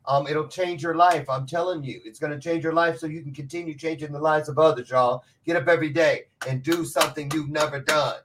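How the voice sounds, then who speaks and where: A man's voice: on the high side, steady tone, fairly quick, hardly any pauses, fairly bright tone, a little hiss or hum, rough recording. A male guest on a live show giving emphatic, heartfelt motivational words in a preacher-like manner. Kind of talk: motivational talk.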